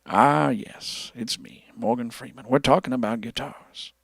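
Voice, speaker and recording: A man doing a slow, deep-voiced older man impression, hushed and measured. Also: creaky, breathy edge, dry recording, clean studio sound. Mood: solemn. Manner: low, hushed, measured delivery.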